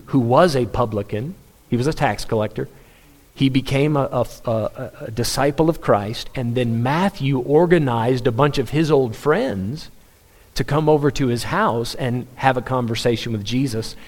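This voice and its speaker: A man preaching at a medium pitch. He speaks earnestly and emphatically, leaning on rhetorical questions and repeated phrases to drive his point home. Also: unhurried. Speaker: pastor. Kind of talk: sermon.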